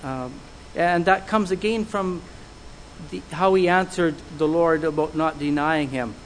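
A man preaching a sermon, earnest and measured, putting searching questions to his listeners. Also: on the high side, slight background noise, poor audio.

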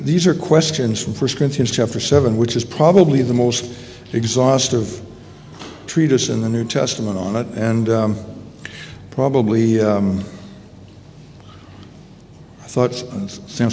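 Man, preacher, sermon, gravelly, halting with fillers, faint background noise. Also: mid-range voice, darkish tone. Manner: halting, searching for words, with many fillers and restarts. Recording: long echo in a hall, faint ambient noise.

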